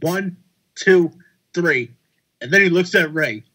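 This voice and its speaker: A man on a casual podcast, talking with enthusiasm and dropping into a low voice for quotes. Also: slow, pushed and bright, husky. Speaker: podcast panelist.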